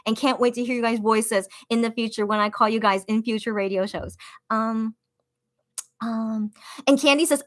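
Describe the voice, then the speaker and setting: Sudden, high excited outbursts punctuate this young woman's chatty, upbeat talk as she reads viewer comments aloud. She's hosting a casual livestream in a radio-host style, and she uses plenty of fillers.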